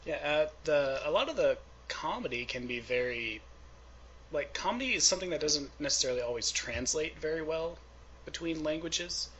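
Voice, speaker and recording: A man's voice: on the high side, lively intonation, moderate pace, fairly bright tone, dull audio, a little hiss or hum. A man hosting an interview, asking questions in a chatty, friendly way with hesitant fillers. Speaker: interviewer host.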